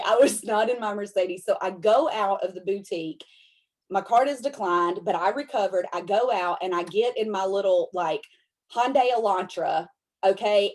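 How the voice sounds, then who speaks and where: A young adult woman, telling a story in a chatty, animated way, full of "like" and "y'all". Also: mid-range voice. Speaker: independent consultant and motivational speaker. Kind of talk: casual live-stream storytelling.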